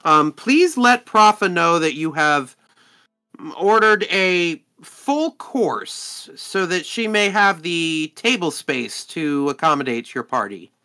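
Guy playing a polite innkeeper lady, slow and rambly, bright tone. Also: a little high, animated, heavily acted. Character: courteous female innkeeper, helpful.

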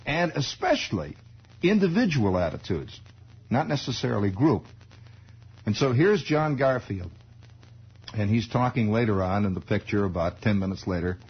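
A man's voice: on the low side, very animated, normal speed, slightly rough. An American man in his forties, hosting a radio show with a rambling, wry storytelling monologue full of asides, heard on a dull archival recording. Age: 40s. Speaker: radio host.

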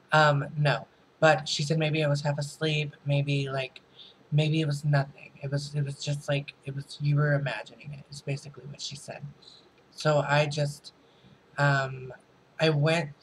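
A man's voice: a little high, a little hiss or hum, rough recording. A man telling a casual storytime vlog on camera in his room, rambling and swearing freely. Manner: rambling, profane, chatty. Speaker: vlogger. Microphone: camera mic.

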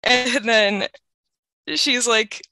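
A woman's voice: fairly high pitch, extremely slow, sharp tone, dry recording. A young woman co-hosting a podcast, chatting casually about a novel and retelling its scenes with plenty of "like" and light laughter. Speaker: podcast co-host. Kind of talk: casual book discussion.

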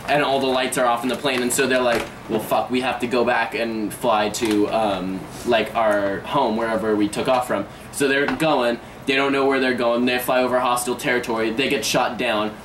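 A teenage boy spinning animated stories in casual talk, swearing freely and talking over others to hold the floor. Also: mid-range voice, normal speed, hardly any pauses, natural voice. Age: teens. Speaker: teenager in a group. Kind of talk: casual improvised conversation. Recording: distant mic with steady ambient noise.

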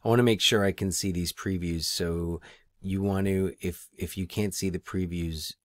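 A man teaching his students in a screen-recorded tutorial, relaxed and thinking aloud as he clicks through the steps. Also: sits low, normal speed, no room sound, clean studio sound.

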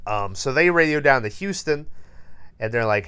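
A man's voice: medium pitch, expressive, normal speed, a bit bright, smooth. A man co-hosting a podcast, recapping a horror movie in a rambling, profane, laughing way. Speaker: podcast co-host.

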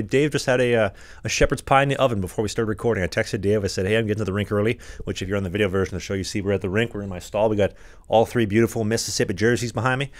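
A Canadian man, a podcast host and hockey goalie, chatting casually from a locker-room stall at a rink, joking and rambling with quick asides. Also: fairly low pitch, dry recording.

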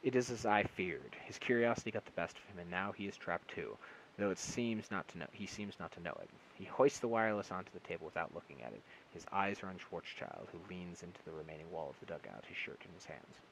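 A man reads a short story aloud in one unedited take, now and then stumbling and restarting a word. His voice is very deep and low. A faint hiss from the phone recording sits underneath. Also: lively intonation, quick pace, creaky, poor audio. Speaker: amateur audiobook reader.

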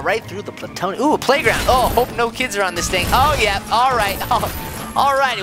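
A man hosting a let's-play, joking excitably as he plays a game, with game music behind him. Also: sits high, a little fast. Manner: excitable, goofy, jokey. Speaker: gaming channel host.

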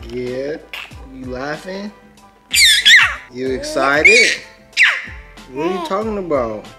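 A man's voice: fairly high pitch, expressive, slow, pauses often. A young man, a father, casually talking to viewers about his baby in a family vlog, laid-back. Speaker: vlogger, father. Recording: loud music behind.

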